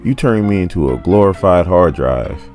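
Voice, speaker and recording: A man puts on a furious woman-turned-machine from a comic book, her voice pushed much higher than his own and sharp with accusation. She sounds fed up and indignant. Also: lively intonation, normal speed, soft background music.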